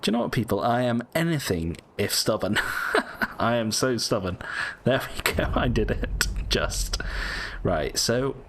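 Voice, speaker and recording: Lively British man commentating a game. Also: medium pitch, creaky, slight background noise. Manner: chatty, swears and yelps in frustration. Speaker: gameplay streamer. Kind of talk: casual gameplay commentary.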